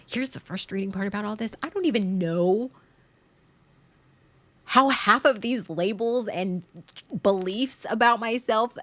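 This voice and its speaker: A woman with a fairly high, fairly bright voice and no echo hosts a podcast, delivering a frank, emotional monologue. She rambles, restarts and repeats words as she goes, and swears at times.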